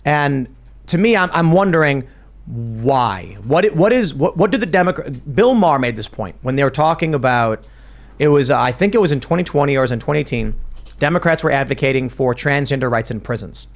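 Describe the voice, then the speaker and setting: A man's voice: medium pitch, expressive, fairly quick. A man hosting a political panel podcast, making his case in long, restarting sentences as he thinks aloud. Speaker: podcast host.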